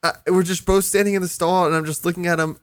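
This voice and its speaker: Young male podcast co-host, animated storyteller, voice a little high, no room echo. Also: quick pace. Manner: animated, swearing, laughing through a story. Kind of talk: casual storytelling.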